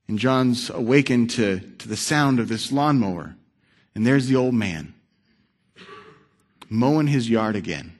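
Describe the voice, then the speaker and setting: Male preacher, sermon story, dramatic and varied, medium pitch. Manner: dramatic, varied delivery, swinging loud and hushed.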